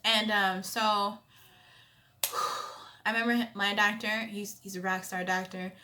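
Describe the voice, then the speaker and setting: A young woman in her twenties telling a personal story in a casual vlog, expressive and conversational, with loud emphatic bursts. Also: medium pitch, a little slow, slight background noise. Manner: animated storytelling with frequent "you know what I'm saying". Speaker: vlogger.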